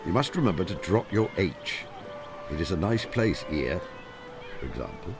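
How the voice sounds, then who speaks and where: An actor playing a retired elderly male detective in a video game, speaking in a measured, formal, deductive way. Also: deep voice, big pitch swings, background noise. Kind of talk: game voice acting. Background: game music.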